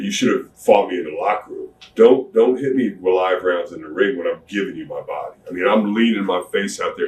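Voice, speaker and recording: Retired wrestler, middle-aged, deep and drawling, animated retelling; roomy far-off mic, faint background hum. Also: male voice. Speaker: retired pro wrestler telling stories. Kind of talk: shoot interview, candid storytelling.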